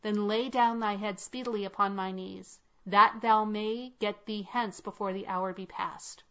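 A woman's voice: medium pitch, fairly even intonation, a little slow, pushed and bright, clean tone. A woman voicing a withered old crone who casts a spell, speaking in a mocking, commanding way. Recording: slightly muffled lo-fi.

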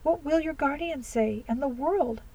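Female narrator voicing a worldly young society lady, high and theatrical, mellow tone. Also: fairly quick, lightly acted. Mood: dismayed. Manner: exclaiming, theatrical dismay. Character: fashionable young society woman, dramatic and worldly.

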